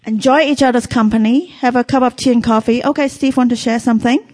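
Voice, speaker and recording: A woman pastor leading a prayer and talking to her church in a soft, earnest way, with phrasing. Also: fairly high pitch, steady tone, fast. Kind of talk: prayer and sermon.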